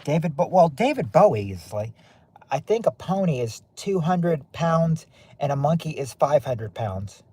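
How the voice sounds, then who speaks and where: A man from the southern United States, with a Southern accent, hosts a casual stream and talks to his chat, rambling and repeating himself. His voice sits on the high side, very animated yet unhurried, with a dark, slightly rough tone.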